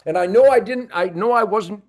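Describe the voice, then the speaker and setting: An older man spins a hunting tale on a podcast with loud, emphatic energy. His voice sits a little high for a man. He repeats words as he pushes ahead and shouts out his own remembered lines. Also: fairly quick. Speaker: podcast guest. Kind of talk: animated hunting storytelling.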